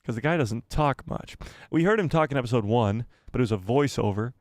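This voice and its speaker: Host, male, mid-pitched, loose and jokey live-stream patter, dry recording. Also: lively intonation, brisk, no echo. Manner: rambling, self-deprecating, joking. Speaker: host of a live fan show. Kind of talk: casual live-stream chat.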